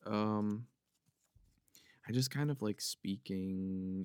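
A man's voice: deep voice, a little slow, a little mellow, no echo. A man with a Philadelphia accent hosting a casual solo podcast, rambling and joking as he mushes his consonants together. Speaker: podcast host. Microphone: podcast microphone.

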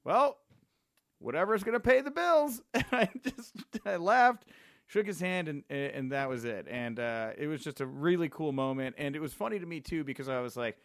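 A man hosting a podcast, telling a story in a casual, excitable way and laughing often. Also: medium pitch, normal speed, no echo, studio quality. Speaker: podcast host.

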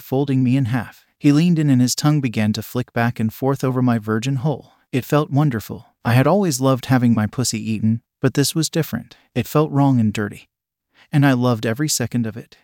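A man reading a first-person adult story aloud in a steady, intimate manner. His voice sits at an ordinary middle pitch, recorded close and dry with no room echo. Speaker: story narrator.

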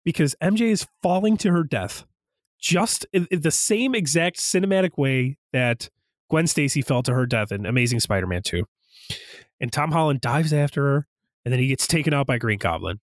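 A young man co-hosting a casual podcast, excitedly retelling movie scenes and jumping into high voices for quotes. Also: moderate pace, no echo, clean studio sound. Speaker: podcast co-host.

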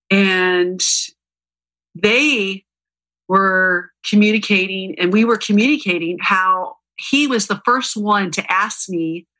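A woman's voice: medium pitch, bright, forceful tone, rough recording. A woman guest on a podcast, talking earnestly and repeating words for emphasis. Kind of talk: casual interview talk.

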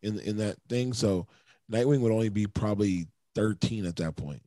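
A man's voice: fairly low pitch, moderate pace, mellow. A man co-hosting a casual movie podcast, laid-back and swearing freely as he acts out lines from films. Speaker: podcast co-host.

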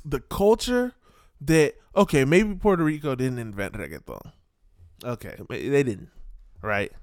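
A man's voice: fairly high pitch, clear, resonant tone, no echo, studio quality. A man giving a casual, ranting monologue full of repeated rhetorical questions and streetwise slang.

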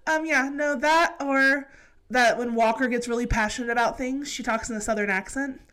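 Chatty young woman, bright and high. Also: normal speed. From California. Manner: chatty, laughs often, animated storytelling. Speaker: podcast co-host. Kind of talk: casual chat.

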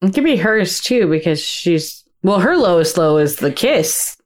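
A woman's voice: lowish voice, sing-song, a little slow. A middle-aged woman co-hosting a podcast, chatting casually and reflectively, drawing on her own family life. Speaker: podcast co-host. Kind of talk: casual chat.

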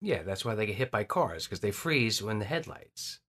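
Co-host, bright voice that jumps all over, jokey and sweary. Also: male voice, fairly low pitch, sing-song, normal speed. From United States. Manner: joking, swears often. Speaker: podcast co-host. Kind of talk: casual chat.

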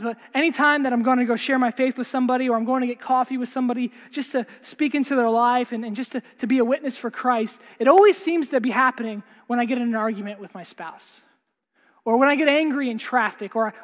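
A man preaching a sermon earnestly, repeating words and dropping to a hush for emphasis. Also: extremely high pitch, fast talker. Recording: long hall reverb.

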